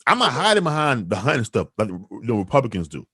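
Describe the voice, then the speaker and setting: A man hosting a podcast, arguing his opinions in an emphatic, animated way. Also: medium pitch, brisk, husky, no echo, studio quality. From New York City. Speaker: podcast host.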